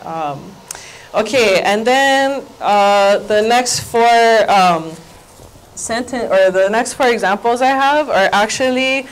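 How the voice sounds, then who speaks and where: A woman's voice: medium pitch, smooth, poor audio. Playful woman with a Hawaii accent. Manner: playful, has the audience repeat phrases aloud. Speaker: Hawaiian language teacher. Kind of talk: workshop presentation.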